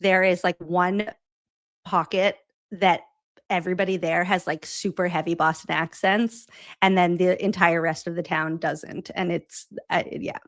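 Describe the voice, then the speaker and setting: Chatty low-voiced woman host. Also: flat delivery, measured pace, no room sound. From Massachusetts. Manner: chatty, filler-heavy, laughs easily. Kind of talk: casual chat.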